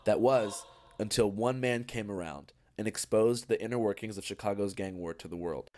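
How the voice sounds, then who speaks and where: A man giving measured, scripted documentary narration. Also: on the low side, a little mellow.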